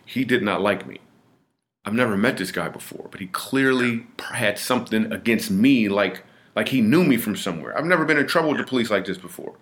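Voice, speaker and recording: Brief: middle-aged comedian guest, fairly low voice, earnest storyteller who restarts and repeats mid-sentence. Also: male voice, expressive, fairly quick, fairly bright tone. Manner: earnest and vivid, with frequent restarts and repetitions. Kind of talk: personal storytelling in a podcast interview.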